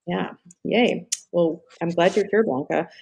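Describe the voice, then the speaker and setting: A woman's voice: on the low side, measured pace, gravelly, darkish tone, husky. A middle-aged woman hosting a live stream in casual chat, rambling off on tangents, swearing and laughing often.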